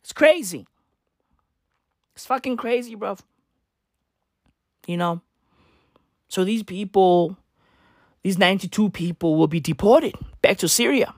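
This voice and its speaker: A woman's voice: medium pitch, expressive, a little slow, pauses often, a little mellow, dry recording, studio quality. A woman delivering a comedic news rant in a profane, slangy, rambling way that keeps circling back to the same tags. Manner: repeats filler tags.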